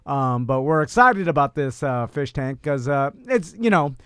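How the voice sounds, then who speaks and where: A man co-hosting a podcast in a studio, explaining things in a halting way with frequent pauses. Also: mid-range voice, lively intonation, fairly bright tone, clean tone, dry recording. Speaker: podcast co-host. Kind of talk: casual studio chat.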